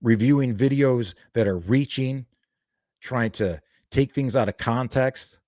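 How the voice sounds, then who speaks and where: A man's voice: medium pitch, a little slow, darkish tone, dry recording, clean studio sound. A young man doing a heated, profane reaction video, ranting and calling people out. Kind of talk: angry reaction commentary.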